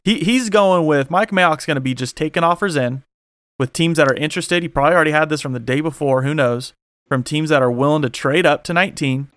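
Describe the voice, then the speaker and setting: A man's voice: a little high, fast talker, a bit bright, no echo. A man hosting a casual sports podcast, talking loosely with lots of fillers and restarts. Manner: rambling, many fillers. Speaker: podcast host.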